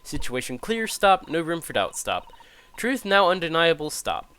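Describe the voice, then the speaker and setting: A man's voice: fairly high pitch, sing-song, moderate pace, sharp tone, clean tone. A man playing a telegram-talking juror. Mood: curt. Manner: clipped, ends phrases with "stop".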